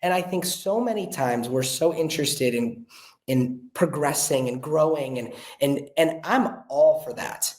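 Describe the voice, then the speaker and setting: A young man, a podcast guest, telling a story in an earnest, animated way and acting out the voices of the people he quotes. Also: on the high side, a little slow. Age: young adult. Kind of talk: casual storytelling chat. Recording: roomy echo.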